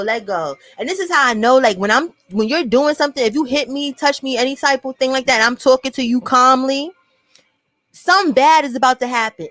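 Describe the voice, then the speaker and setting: A woman's voice: sits high, fairly bright tone, dry recording, low-quality recording. A young woman with a New York accent telling a personal story to camera in a blunt, profane storytime vlog, talking straight to her viewers.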